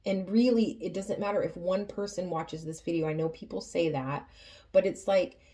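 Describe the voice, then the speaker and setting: A woman giving a tarot reading to her viewers, earnest and emotional, often pausing and restarting her sentences. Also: fairly low pitch, steady tone, warm tone. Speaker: tarot reader.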